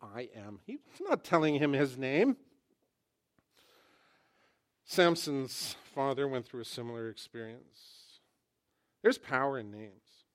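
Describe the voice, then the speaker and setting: Brief: a mid-pitched man preaching in a church, casual and storytelling. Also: takes it slowly, pauses often. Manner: conversational, animated storytelling with humor. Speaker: pastor. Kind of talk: sermon.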